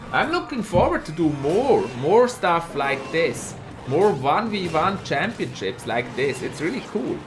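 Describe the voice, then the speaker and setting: Swiss German male caster, lively and chatty, over a low bed of music. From Switzerland. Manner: excitable, chatty, reads out chat and laughs. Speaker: esports caster and streamer. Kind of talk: live game commentary.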